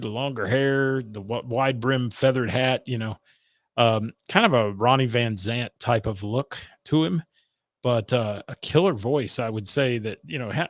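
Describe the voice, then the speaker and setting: A man's voice: mid-range voice, dry recording, studio quality. A man hosting a music radio show, chatting casually and rambling with lots of fillers while he thanks viewers for their comments. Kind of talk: casual live-stream chat, reading viewer comments.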